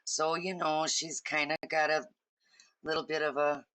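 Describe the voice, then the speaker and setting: A woman's voice: low voice, little pitch movement, normal speed, fairly bright tone. A woman hosting a casual livestream from home, chatting in a rambling, friendly way to viewers while she colors. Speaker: livestream host.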